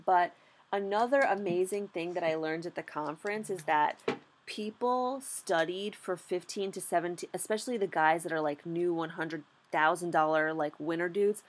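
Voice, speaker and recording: Animated young woman vlogging her trades. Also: fairly low pitch, moderate pace, slight background noise. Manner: animated and candid, lots of "like" and swearing. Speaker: beginner stock trader vlogger. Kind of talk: casual vlog recap.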